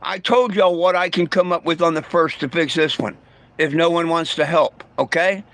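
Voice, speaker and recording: A man's voice: a little high, fairly even intonation, moderate pace, fairly bright tone, dry recording. A man talking bluntly and profanely to his livestream viewers, stumbling over his words and restarting often. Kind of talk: casual livestream rant.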